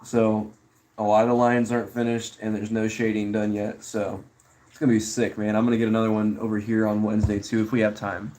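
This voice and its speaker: A man's voice: on the low side, little pitch movement, a little fast, dark tone. Laid-back young man chatting on stream. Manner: laid-back, reads chat messages aloud and answers them. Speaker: streamer reading chat. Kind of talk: casual live stream chat.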